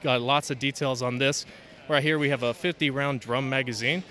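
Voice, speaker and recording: A man casually showing off his handmade models at a convention, talking as he demonstrates with a relaxed manner and many fillers. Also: mid-range voice, moderate pace. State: out of breath. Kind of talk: casual show-and-tell. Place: convention hall, indoors.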